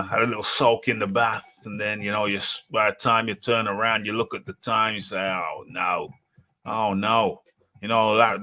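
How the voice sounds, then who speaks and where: A man's voice: fairly low pitch, bright, forceful tone. A man hosting a live show in a casual, teasing way, who repeats himself for emphasis and talks about himself in the third person. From United Kingdom. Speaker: host.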